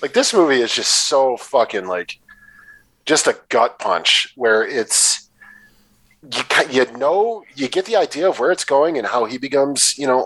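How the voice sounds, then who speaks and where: Podcast co-host, man, average pitch, dry close mic, animated and profane. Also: dry recording, poor audio. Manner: animated, profane, jokey asides. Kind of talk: casual film discussion podcast.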